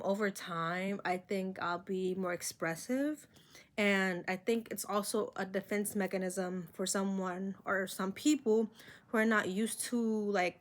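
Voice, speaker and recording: A young woman with a slight accent all her own talks straight into her camera. She rambles in a candid, self-conscious way, and her voice sits at an ordinary middle pitch. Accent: own non-American accent. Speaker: vlogger. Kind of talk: casual talking to camera. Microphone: camera mic.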